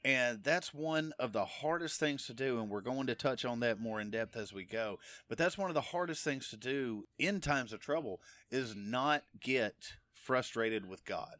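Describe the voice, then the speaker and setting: A man's voice: mid-range voice, lively intonation, moderate pace, few pauses, fairly bright tone, no room sound. Emphatic conversational male Bible teacher. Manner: conversational, emphatic, frequent "okay?" check-ins. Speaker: preacher.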